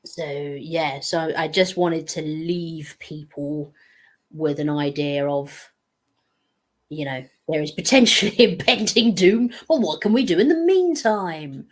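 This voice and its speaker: A woman's voice: deep voice, animated, slow. A woman speaking as a guest on a casual panel discussion. She is chatty and meandering, and her jokes are self-deprecating.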